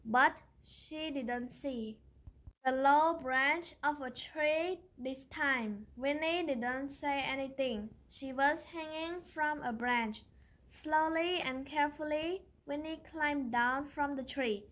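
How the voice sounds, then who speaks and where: A woman reading a children's picture book aloud for her channel, careful and deliberate with small slips. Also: high voice, a bit bright.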